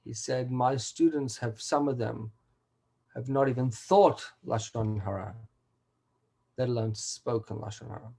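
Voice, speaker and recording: Male rabbi, emphatic lecturer, mid-pitched voice, video-call lesson. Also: a little slow, vocal fry, warm tone, poor audio. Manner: earnest, emphatic, with Hebrew terms. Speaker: rabbi teaching a weekly class. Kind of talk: Torah class lecture.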